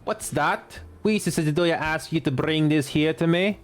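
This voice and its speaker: A gruff male tavern keeper with a rough, hearty way of talking and a put-on Irish or Scottish brogue, played by a man doing the voice. He sounds higher and louder than the performer's own voice. Faint game music plays behind him. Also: moderate pace, natural voice. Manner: rough, hearty barroom talk.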